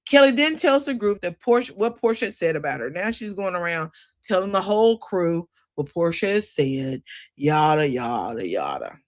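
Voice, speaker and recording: At a moderate, sing-song pace, this recap host chats loosely about a reality show, dropping sassy asides along the way. When stressing a point, her middle-pitched voice leaps up high, and the recording is dry and close-miked with no room sound.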